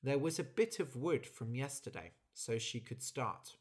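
A storyteller with a medium-pitched voice reads a children's story slowly and clearly for English learners. The delivery is clear, deliberate and expressive.

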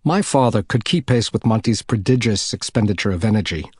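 A man reading a novel aloud in measured, deliberate narration. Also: lowish voice, expressive, darkish tone, husky, no echo, studio quality. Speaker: audiobook narrator. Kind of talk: scripted narration.

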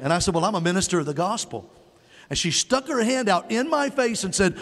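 An older man with a drawl preaches in a church, his fairly high voice trailing into a long hall reverb. He tells his story in a folksy way and keeps calling on the congregation to answer back. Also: expressive, fast talker. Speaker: guest preacher, evangelist. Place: church sanctuary.

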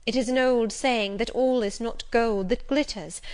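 A woman's voice: fairly high pitch, moderate pace, clean tone, lightly acted. A woman voicing a cautious, worried older widowed housekeeper who warns and reproves in an audiobook reading.

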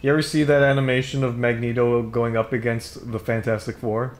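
A man co-hosting a gaming podcast chats casually and laughs while he plays, his mid-range voice brisk and level in tone. He's giggly and rambling, putting on playful voices for quoted characters, and the room sounds echoey.

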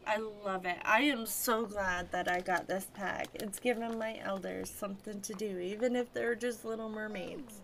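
A woman's voice: mid-range voice, fairly even intonation, moderate pace, creaky, few pauses, fairly bright tone, slight background noise. A woman narrating her life-sim gameplay in an effusive, doting way with lots of exclamations. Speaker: gaming vlogger. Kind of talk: game commentary. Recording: music playing behind.

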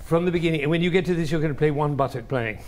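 A man's voice: fairly high pitch, very fast, darkish tone. An older man leading a music interpretation class, coaching a player and singing the phrases aloud in a playful, coaxing way. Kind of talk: masterclass coaching.

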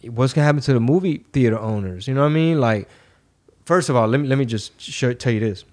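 A man hosts a laid-back podcast in an easy, mid-pitched voice. He rambles through loose stories with plenty of swearing. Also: fast, darkish tone. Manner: profane, rambling storytelling. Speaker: podcast host. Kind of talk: casual podcast chat.

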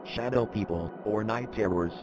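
A man's voice: lowish voice, moderate pace, music in the background, lightly acted, poor audio. A man narrating a formal training briefing in scripted narration.

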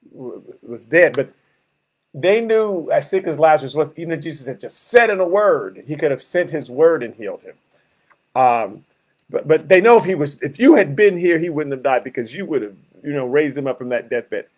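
A man teaching a Bible study, reading scripture aloud and explaining it with animated asides and acted-out groans. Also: mid-range voice.

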